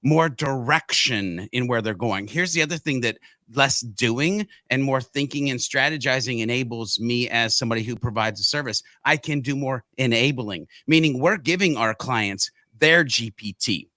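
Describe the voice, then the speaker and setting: Emphatic man with a bright, dry voice. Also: medium pitch, normal speed, few pauses, dry recording. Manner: emphatic, punchy, repeats short blunt lines. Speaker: co-host. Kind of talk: podcast discussion.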